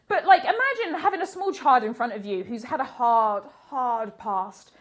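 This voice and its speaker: A young woman from the UK telling comic stories as a guest, animated and laughing often through her lines. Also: a little high, normal speed. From United Kingdom. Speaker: comedian guest. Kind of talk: comic storytelling and chat.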